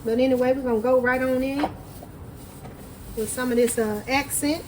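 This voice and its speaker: A woman's voice: sits high, fairly even intonation, moderate pace, a little hiss or hum, rough recording. A woman chatting folksily to viewers while she prepares food in her home kitchen. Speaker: home cooking vlogger. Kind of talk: casual cooking chat to camera.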